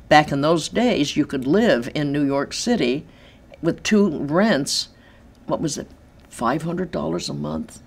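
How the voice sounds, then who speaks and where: Lively low-voiced older woman telling stories. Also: a little slow, creaky. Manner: animated, acts out quoted voices, laughs easily. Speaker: interviewee. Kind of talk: storytelling in an interview. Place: large empty room in her apartment.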